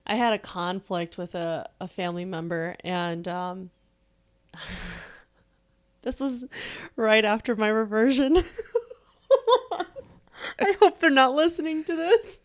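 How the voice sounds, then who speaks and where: A woman's voice: mid-range voice, slow pace, pauses often. Chatty woman podcast co-host. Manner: chatty storytelling, laughs often. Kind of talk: casual faith podcast chat.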